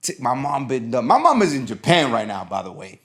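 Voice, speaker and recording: A man hosting a podcast, telling a personal story in casual chat, lively and quick to act out what others said. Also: medium pitch. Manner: animated storytelling, acting out quotes. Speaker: podcast host.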